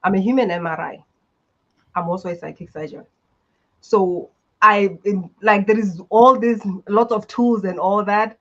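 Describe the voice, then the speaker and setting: A podcast guest who works as a healer, talking emphatically, with big swings in loudness. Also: mid-range voice, steady tone, measured pace, muffled recording. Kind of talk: casual panel talk.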